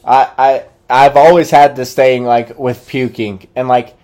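A young man co-hosting a casual podcast, talking low-key and halting. His sentences stop and restart around filler words, and his pitch sits in the middle for a man. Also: fairly even intonation, a little mellow. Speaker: podcast co-host.

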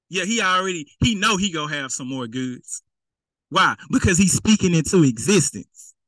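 A man preaching a casual, playful sermon, slipping into slangy voices to act out the people in his story. His tone is bright and forceful, a little higher than most men's, and the sound is close and dry with no room echo. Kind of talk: conversational sermon.

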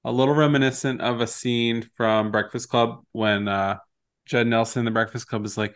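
A man's voice: medium pitch, steady tone, fairly quick, a bit bright, clear, resonant tone. A man co-hosting a podcast, chatting casually and animatedly while recapping a TV episode and quoting its scenes. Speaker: podcast co-host.

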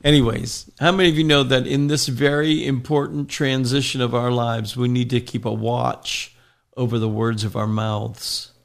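A man's voice: medium pitch, steady tone, normal speed, vocal fry. A man preaching a sermon, reading scripture aloud and explaining it line by line, now and then telling a joke with a small laugh. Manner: tells jokes with small laughs.

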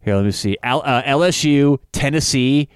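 A man co-hosting a sports podcast in casual chat, animated and opinionated, his voice jumping up when he gets fired up. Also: mid-range voice, normal speed, smooth, dry recording.

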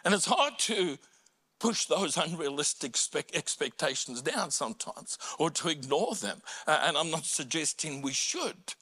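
A male pastor preaching a sermon in a church, earnest and deliberate, rising to impassioned cries when voicing prayers. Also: expressive. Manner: slow and deliberate, dropping low and quiet on personal points.

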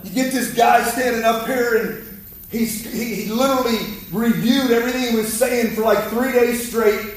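A man's voice: very high voice, steady tone, normal speed. A man preaching a fiery sermon in a church, exhorting the congregation and calling for their response. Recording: echoey hall, mic from far off.

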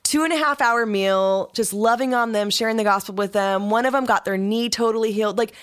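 A woman pastor, a podcast guest, telling a story in casual interview chat. She is an animated storyteller who laughs often. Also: on the high side, brisk, clear, resonant tone.

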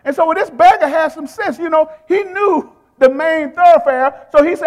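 A man's voice: extremely high pitch, moderate pace, few pauses, a little mellow, in a large hall. A male preacher delivering a sermon in a rhythmic, repeating style. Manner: rhythmic, repeats phrases, calls to the congregation.

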